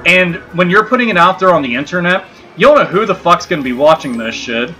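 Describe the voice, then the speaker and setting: A man's voice: high voice, lively intonation, fast, sharp tone. A man hosting a gaming livestream, talking in a blunt, profane and rambling way, with many restarts. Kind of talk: casual livestream chat.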